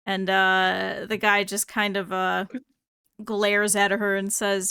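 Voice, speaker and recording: A woman's voice: medium pitch, monotone, slow, bright, forceful tone, smooth, no echo, studio quality. A woman narrating a tabletop game as game master, loose and full of fillers. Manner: loose, hesitant, many fillers.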